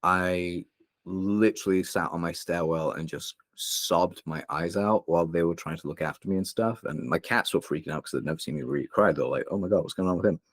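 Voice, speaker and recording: A man's voice: low-pitched, normal speed, dry recording, studio quality. A young man from England, a podcast guest, telling a painful personal story openly and emotionally, rambling with many fillers. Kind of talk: candid interview storytelling.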